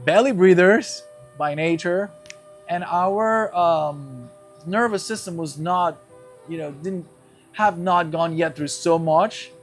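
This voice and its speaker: A man teaching a guided breathing lesson, explaining each step and checking in with his class as he goes. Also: on the high side. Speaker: breathwork instructor.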